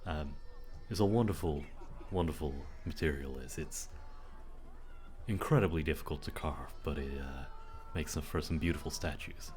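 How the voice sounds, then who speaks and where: A man narrating and playing a tabletop game in a relaxed, rambling way. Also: rumbling low, normal speed.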